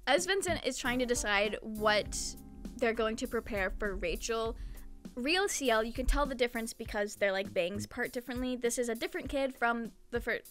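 A woman's voice: on the high side, moderate pace, a bit bright, soft background music. A young woman in her twenties giving a chatty, giggly, slang-heavy casual recap of a manga as a commentator.

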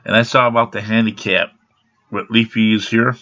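A vlogger in his fifties rants angrily to his camera, swearing constantly in a blunt, aggrieved way. His voice is on the low side, pushed and bright, with little pitch movement at normal speed, and the webcam sound is dull and lo-fi.

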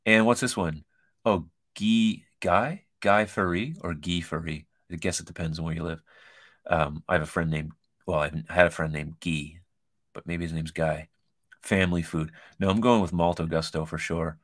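Deep-voiced and moderately paced, with fairly even intonation, a man runs a casual kitchen-design show. Over a shared screen he reads out an online quiz, joking and chatting through the questions with asides.

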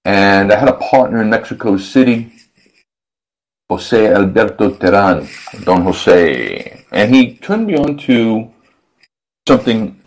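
Low-voiced chuckling male radio host. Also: expressive, slow pace, rough recording. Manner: rambling, self-amused, chuckling, with restarts. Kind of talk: casual storytelling monologue.

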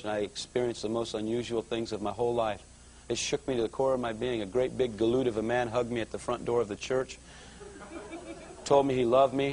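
A man giving a conversational sermon testimony at a live church service, his storytelling growing excited and louder. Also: medium pitch, slight background noise, poor audio. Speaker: guest speaker giving a testimony.

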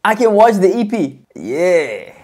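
A man hosting his own channel, giving casual, excitable fan reaction commentary with loud cheering outbursts. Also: high-pitched, a little slow.

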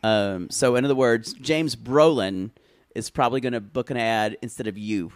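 A man's voice: medium pitch, normal speed, no echo. A man co-hosting a podcast in casual chat, wry and teasing, reading out quotes with relish. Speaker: podcast co-host.

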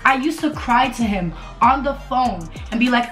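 A woman with a fairly high voice rants through a casual storytime, cursing freely and hammering her points with repetition. She sounds roomy and echoey, with faint music underneath. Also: moderate pace. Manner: animated and profane, with emphatic repetition. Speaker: vlogger telling a story. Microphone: camera mic.

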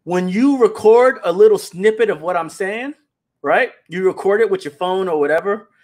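High-voiced man chatting to viewers. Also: moderate pace. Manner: animated, talks straight to viewers, repeats words. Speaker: animation company founder hosting a livestream. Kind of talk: casual livestream chat.

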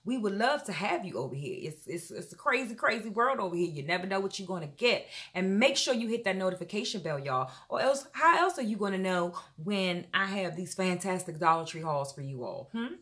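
A woman chatting casually to her viewers in an animated haul vlog, calling them y'all and feeling a little unwell. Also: medium pitch, brisk, hardly any pauses. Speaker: vlogger.

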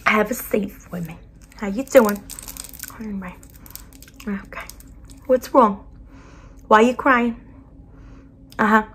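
Speaking slowly with frequent pauses, a woman in a whispered role-play portrays a blunt, brash school counselor who has a New Jersey accent. Her mid-range voice is soft and breathy, and she keeps addressing the listener as sweetie, sounding both blunt and soothing.

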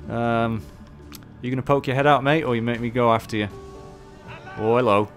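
A man doing casual live commentary while playing, excitable, swearing often and chatting with his viewers. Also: medium pitch, normal speed, soft background music. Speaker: game streamer.

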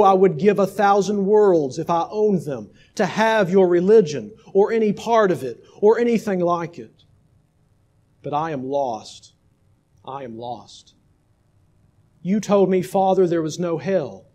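A man's voice: sits high, animated, unhurried, mellow. A preacher reading as a dying young man in anguish. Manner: anguished, accusing. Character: young man dying in anguish, bitter toward his father.

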